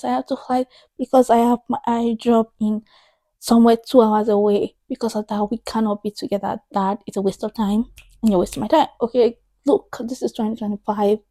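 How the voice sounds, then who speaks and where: A woman in her thirties talks straight to camera in a chatty book vlog, emphatic and a little exasperated, repeating lines for effect. Her voice sits slightly high but sounds warm and mellow. The sound is close and dry. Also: no room sound. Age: 30s. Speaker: book vlogger.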